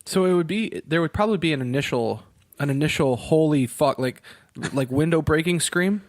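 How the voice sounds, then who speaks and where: A man's voice: fairly high pitch, animated, fairly quick, no room sound, studio quality. A man from Virginia co-hosting a casual podcast, rambling, self-mocking, swearing casually and laughing often. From Virginia, USA. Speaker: podcast co-host.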